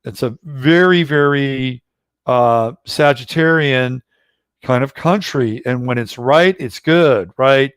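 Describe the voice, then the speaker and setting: A man's voice: medium pitch, slow pace, a bit bright, clean tone, no room sound, clean studio sound. A middle-aged man hosting a casual livestream about astrology, rambling and blunt, with occasional swearing. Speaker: astrologer host.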